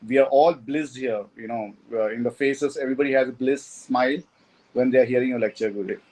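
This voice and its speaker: A man's voice: medium pitch, a little fast, a little mellow, poor audio. A man speaking as a disciple to his teacher, deferential, repeating an honorific, with broken grammar. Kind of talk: reverent thanks and comment to the teacher.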